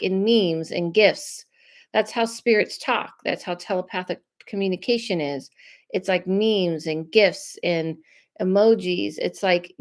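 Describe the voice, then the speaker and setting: Rambling, chatty woman medium on a live stream. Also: medium pitch. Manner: rambling and chatty, drifting off on tangents; reassuring and conversational, often checking in with listeners. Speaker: psychic medium livestream host. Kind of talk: casual live-stream chat giving readings.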